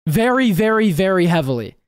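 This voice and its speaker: A music producer giving casual, emphatic reaction commentary, excitable and given to repeating words and swearing. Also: mid-range voice, fairly quick, noisy background. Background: game chase music playing faintly.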